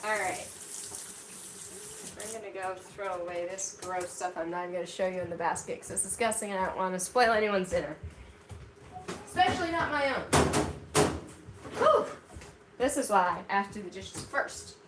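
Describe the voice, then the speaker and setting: Her mid-range voice moves at a moderate pace, broken by long pauses. She hosts a casual cooking vlog in her home kitchen, talking to live viewers in a loose, "like"-heavy ramble. A distant mic picks up the roomy space and background noise.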